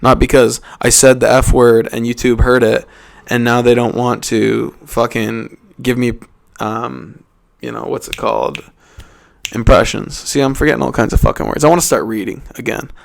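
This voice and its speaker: A man's voice: medium pitch, steady tone, normal speed, creaky. A young man from Canada hosting a casual solo podcast, rambling and profane, often cutting himself off and restarting. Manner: rambling, profane, self-interrupting. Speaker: podcast host.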